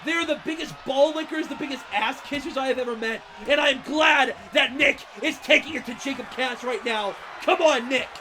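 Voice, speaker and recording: A man doing biased, shouting play-by-play commentary at a wrestling show, swearing and cheering on his favorites. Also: very high-pitched, moderate pace, few pauses. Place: wrestling arena with live crowd. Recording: loud crowd and arena noise.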